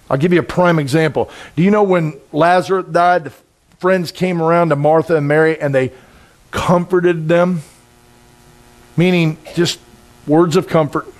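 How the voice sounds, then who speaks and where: A middle-aged man preaching a sermon in a conversational, intense way, with sudden loud bursts. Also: fairly high pitch. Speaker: pastor.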